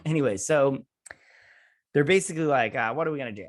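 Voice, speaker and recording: A man's voice: mid-range voice, fast talker. A man in his thirties hosting a review show, recapping an episode in a rambling, casual way, full of fillers and jokey asides.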